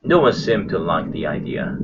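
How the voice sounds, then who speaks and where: A man's voice: sits low, moderate pace, slightly rough, muffled recording. A man, an English teacher, reading a children's novel aloud with expression. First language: Korean. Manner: expressive read-aloud with small slips.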